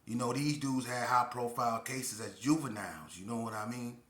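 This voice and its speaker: A middle-aged man tells his story in a loose, emphatic monologue, leaning into warnings like a street preacher. His voice is bright and forward, and it rings in a roomy, echoing space. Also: mid-range voice, a little fast. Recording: echoey room.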